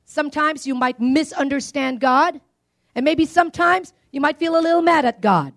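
High-pitched female preacher, animated call-and-response sermon style. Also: normal speed. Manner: animated, swings between loud declarations and quiet asides.

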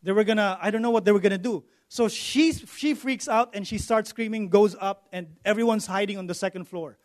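A man's voice: high-pitched, a little fast, a little mellow. A middle-aged Filipino man preaching a sermon in a conversational way, repeating words and often checking in with "okay?". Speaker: pastor. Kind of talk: sermon with personal stories.

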